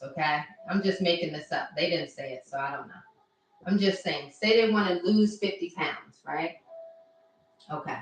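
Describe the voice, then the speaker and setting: A woman mindset coach on a phone livestream, talking casually and warmly to viewers and reading their comments aloud. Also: medium pitch, animated, measured pace. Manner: warm, chatty, addresses viewers directly and reads their comments aloud. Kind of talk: casual motivational livestream talk. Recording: very echoey room with faint music.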